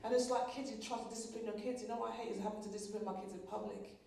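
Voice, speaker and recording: A woman's voice: medium pitch, rapid-fire, a little hiss or hum. A woman performing live stand-up comedy. She tells stories with energy, acts out her family members, and talks straight to the audience. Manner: animated storytelling, acting out family members. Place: large venue with a live audience. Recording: echoey, distant live hall with loud crowd.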